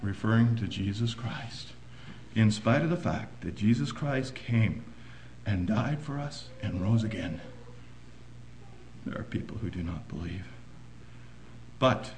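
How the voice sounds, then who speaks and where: A man preaching a sermon, swinging between hushed, low passages and loud, emphatic bursts. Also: animated, slow pace, pauses often, roomy sound, rough recording.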